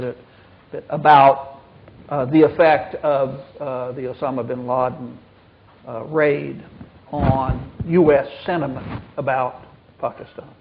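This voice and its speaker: Halting male panelist, very slow, phone-like tinny sound, faint hiss. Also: mid-range voice, creaky. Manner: slow and halting, many pauses and fillers. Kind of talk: panel discussion answer. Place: conference hall.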